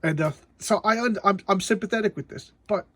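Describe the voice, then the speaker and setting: A man's voice: sits high, brisk, fairly bright tone, no room sound. A man casually reviewing a comic book, rambling and often stammering and repeating his words.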